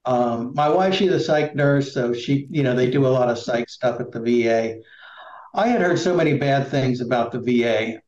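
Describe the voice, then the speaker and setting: A man's voice: mid-range voice, normal speed, darkish tone, roomy sound, dull audio. A middle-aged man from Indiana, a political candidate, talking casually in an interview with lots of fillers and restarts. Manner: rambling, many fillers and restarts.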